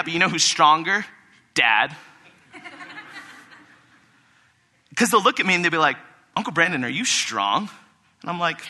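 Bright-voiced young man preaching casually. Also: on the high side. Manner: conversational, animated, acts out quotes with laughs. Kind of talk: casual sermon. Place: church hall with a congregation.

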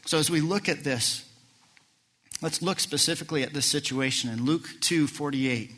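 A middle-aged man preaching a sermon as pastor, animated and full of rhetorical questions. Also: on the high side, moderate pace. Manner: animated, asks rhetorical questions, acts out quoted lines.

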